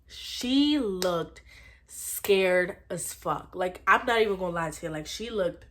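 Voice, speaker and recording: A young adult woman telling a personal story in a blunt, profane, animated storytime way. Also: on the low side, slow. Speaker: storytime vlogger. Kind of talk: casual storytime.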